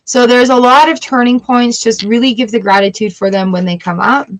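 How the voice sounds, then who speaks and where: A woman's voice: on the high side, steady tone, fairly quick. A woman giving a casual tarot reading, chatty and playful, with the odd swear word. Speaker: tarot reader.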